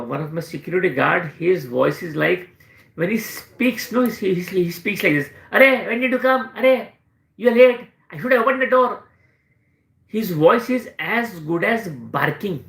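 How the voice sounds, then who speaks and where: A homeopathic doctor with an Indian English accent teaches during a live Q&A, driving points home through repetition. His high, gravelly voice has a fairly bright tone and sits in an echoey room.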